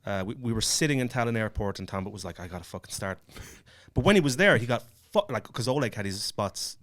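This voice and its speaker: Guy, animated podcast co-host, swears freely, very expressive pitch. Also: fairly quick. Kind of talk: casual chat.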